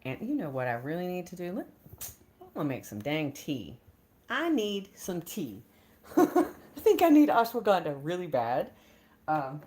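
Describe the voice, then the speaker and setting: A middle-aged woman streams live from her home kitchen, chatting warmly and nervously with her viewers as she talks herself out of her worries. Her voice sits on the low side. A faint hiss of room ambience hangs behind her. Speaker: homestead vlogger, live stream host. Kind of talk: casual live chat with viewers.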